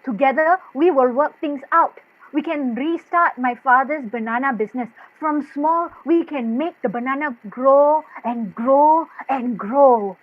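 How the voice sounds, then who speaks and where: A woman's voice: high voice, unhurried. A woman playing a plucky young Indonesian maid who speaks bluntly, in a staged play reading. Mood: earnest. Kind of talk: staged play reading over video call. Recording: dull muffled video-call audio.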